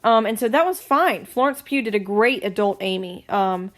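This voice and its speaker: A woman hosting her own channel, giving a casual solo film review in a blunt, opinionated way, with frequent ums and quick self-corrections. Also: medium pitch, expressive, fairly bright tone.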